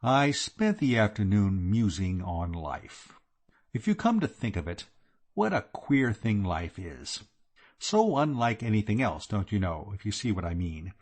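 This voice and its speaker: A man reading an audiobook with lively, chatty storytelling. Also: lowish voice, measured pace. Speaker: audiobook narrator. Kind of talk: scripted narration.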